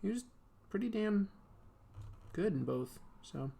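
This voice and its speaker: A man's voice: high voice, big pitch swings, takes it slowly, gravelly, mellow. A man hosting a casual art livestream, chatting in a rambling, joking way while he draws. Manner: rambling, joking, lots of fillers. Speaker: comics artist and livestream host.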